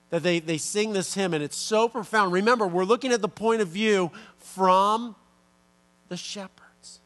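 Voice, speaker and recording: A male pastor delivering a relaxed, conversational sermon with repetitions and asides. His voice is fairly high and his pace is slow and measured.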